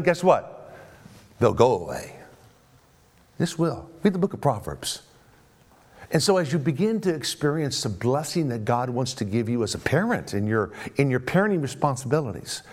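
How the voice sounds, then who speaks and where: A middle-aged man preaching a sermon as a pastor, repeating phrases for emphasis and often asking the congregation "right?". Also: medium pitch.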